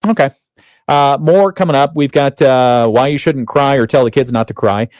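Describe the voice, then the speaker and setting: A man's voice: mid-range voice, moderate pace, darkish tone, no room sound. Chatty man hosting a radio morning show. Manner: chatty, laughs often, reads headlines aloud. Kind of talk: casual radio banter. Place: radio studio. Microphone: studio microphone.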